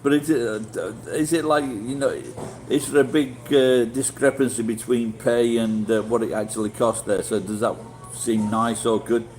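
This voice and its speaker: A man's voice: medium pitch, fairly even intonation, normal speed, hardly any pauses, a little mellow, faint music behind, poor audio. A middle-aged man with a Yorkshire accent, chatting casually with live viewers in a rambling, blunt way and swearing freely. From Yorkshire, England. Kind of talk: casual livestream chat.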